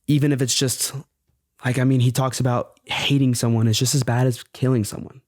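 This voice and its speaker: A man's voice: mid-range voice, little pitch movement, fairly quick, a little mellow, dry recording, studio quality. A man speaking as a podcast guest in earnest, fervent casual talk, often saying "bro".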